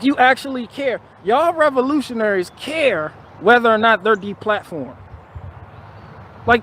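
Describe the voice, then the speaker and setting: A man with a notably high voice holds forth on a casual live stream. He talks bluntly and profanely, doubling back on his words as he builds his rant. A faint hiss of noise sits under the recording. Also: a bit bright. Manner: repetitive, restarting phrases.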